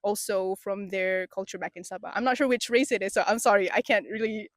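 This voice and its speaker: A young woman, co-hosting a casual campus chat, relaxed and quick to laugh. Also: medium pitch, no echo, clean studio sound. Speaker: podcast co-host, university student.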